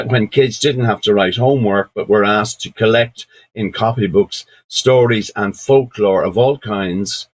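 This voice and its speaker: An Irish man telling stories at an online session, unhurried and reflective, with friendly asides. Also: fairly low pitch. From Ireland. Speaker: storyteller. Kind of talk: storytelling talk at an online session.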